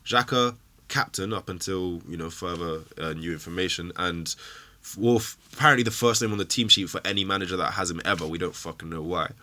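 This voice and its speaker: A man's voice: deep voice, fairly quick, bright, forceful tone. A man hosting a football fan show, ranting angrily and emotionally with heavy swearing. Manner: angry, swearing, emphatic rant.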